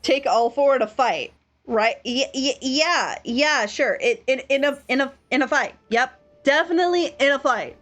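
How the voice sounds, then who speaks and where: A woman's voice: sits high, expressive, normal speed, a bit bright. A woman streaming a game, joking about and reading out cutscene lines in a casual, playful manner. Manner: playful, reads cutscene lines aloud and jokes about them. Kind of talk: casual gaming stream commentary.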